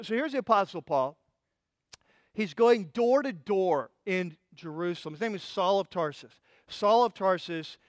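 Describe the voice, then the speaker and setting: A man pastor delivers a sermon as vivid, passionate storytelling, tumbling into restarts as he builds a scene. His voice sits high for a man, and the sound is dry and close with no room echo.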